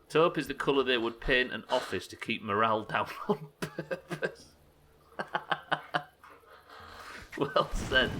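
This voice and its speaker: A young man streaming a building game live, commenting as he plays and bantering with viewers in an animated, sweary, self-mocking way. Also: mid-range voice, noisy background.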